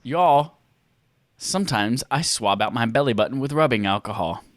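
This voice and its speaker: A man voicing a squeaky, goofy cartoon mouse in a high falsetto while reading a show intro. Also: expressive, moderate pace, no echo, natural voice.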